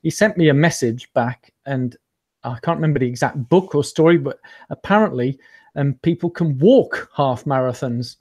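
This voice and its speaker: A man's voice: medium pitch, moderate pace, a little mellow. A man telling his story as an interview guest in a rambling, self-deprecating way, with many ums and restarts. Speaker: interview guest, amateur runner. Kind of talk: casual storytelling chat.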